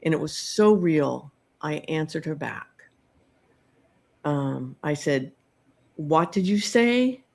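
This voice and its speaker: A middle-aged woman hosting a podcast, telling a personal story in a slow, reflective way with many pauses and ums. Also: deep voice, expressive, vocal fry, darkish tone. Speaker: podcast host telling her own story.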